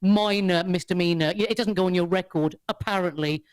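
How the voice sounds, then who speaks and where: A woman, a podcast guest who tells a story in casual chat, animated, swearing freely and laughing often. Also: lowish voice, a little fast.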